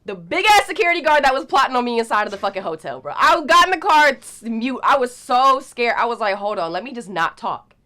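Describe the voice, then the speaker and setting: A woman's voice: sits high, fast, few pauses. A young woman telling a story in a casual, slangy way, acting out the quotes with big jumps in her voice. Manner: animated, slangy, acts out quotes. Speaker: guest storyteller.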